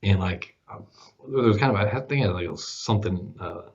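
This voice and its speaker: A man's voice: lowish voice, moderate pace. A man in his forties telling a career story in a casual interview, rambling with many fillers and acting out the dialogue. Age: 40s. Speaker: podcast host as guest. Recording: dull lo-fi podcast audio.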